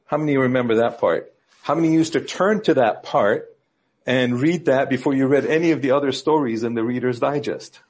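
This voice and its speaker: A man at the pulpit tells church jokes as part of his sermon, with a husky, slightly rough voice. He sits at a medium pitch and jumps higher whenever he voices the people in his stories. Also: fairly quick, a little mellow. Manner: storytelling, acting out quoted characters with lifts in pitch. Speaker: pastor.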